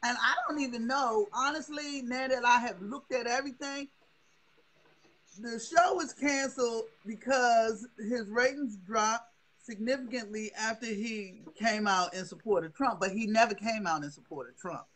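A woman's voice: on the high side, normal speed, fairly bright tone. A woman hosting a casual live-stream chat, opinionated and chatty, talking to her viewers. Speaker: host. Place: indoors, hot room.

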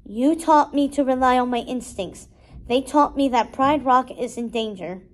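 An earnest young lion king pressing his point with insistent urgency, read aloud by a woman. The voice sits fairly high, as in a storybook reading. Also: normal speed, close to an everyday voice. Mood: urgent.

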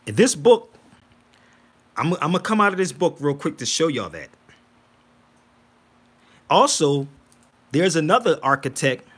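A man hosts a livestream, talking casually but insistently and preaching at viewers, calling out to "y'all" directly in an animated way. His voice is on the high side and husky, with a measured pace and long pauses.

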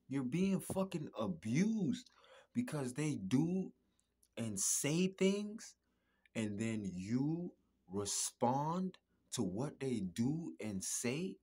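A man talking in a casual podcast monologue, emphatic, repetitive and profane, with a husky voice. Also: mid-range voice, darkish tone. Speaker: podcast host.

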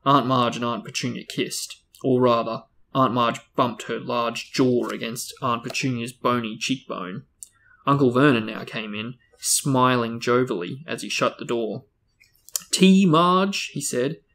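A man hosting a book discussion, reading a novel aloud with steady, even storytelling. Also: mid-range voice, a little slow.

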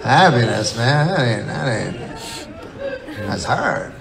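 A man's voice: mid-range voice, big pitch swings, takes it slowly, creaky. Rambling stand-up comedian man, crowd laughing. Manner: rambling, meandering storytelling with curses. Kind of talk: live stand-up routine. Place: live comedy show venue. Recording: live show with audience laughter. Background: audience laughter.

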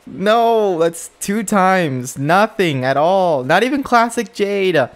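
A man's voice: high-pitched, lively intonation, takes it slowly. A young man giving exasperated commentary while opening mobile game packs, ranting and jumping up in disbelief.

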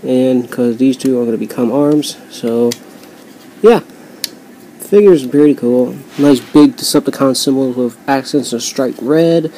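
Reviewing a home-customized toy, a man with a mellow, medium-pitched voice talks casually and rambles, dropping fillers and quick apologies. He occasionally moves away from the mic as he handles the toy. The low-quality recording carries a little hiss or hum.

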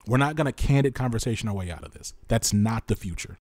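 Man, podcast host, impassioned and exhausted, mid-pitched voice, dry close sound. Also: expressive, quick pace, dry recording. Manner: impassioned, repeats points for emphasis; swings from loud emphasis to quiet, weary drops. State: exhausted and frustrated. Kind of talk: solo podcast monologue.

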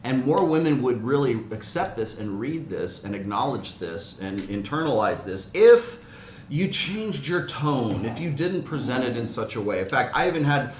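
Measured argumentative man, echoey room. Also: mid-range voice, sing-song, a little hiss or hum. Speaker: debate guest, author. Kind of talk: heated debate talk. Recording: roomy room, faint ambience.

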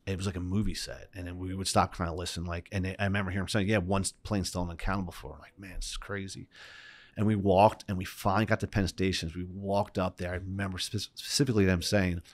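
A middle-aged man, a podcast guest, retelling a personal story with lively quoted voices. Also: sits low, quick pace.

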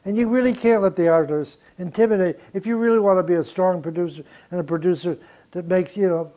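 A man's voice: high-pitched, fast, warm tone. An older man, a record producer, telling studio stories in an interview, blunt and profane with short chuckles. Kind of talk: interview storytelling.

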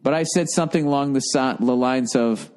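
A middle-aged man hosting a comedy advice podcast, reading listener letters and riffing loudly with profanity. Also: mid-range voice, a little fast. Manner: loud, profane, animated riffing with mocking put-on voices. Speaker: podcast host giving advice.

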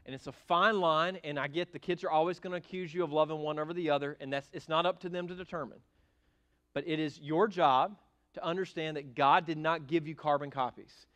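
A middle-aged male pastor preaches in a church with animated, emphatic delivery and a fairly high-pitched voice. He swings from quiet asides to loud bursts as he drives his points home. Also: brisk. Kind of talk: sermon. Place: church sanctuary.

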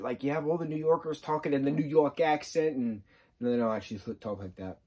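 Male reviewer, husky, mid pitch, casual and excitable, lots of fillers. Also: a little fast. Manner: rambling and excitable, full of fillers. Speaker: movie reviewer.

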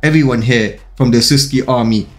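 A man voicing a cold, vengeful young man who mocks his victims with quiet menace, in a fan-fiction story reading. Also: medium pitch, fast, faint music behind, natural voice.

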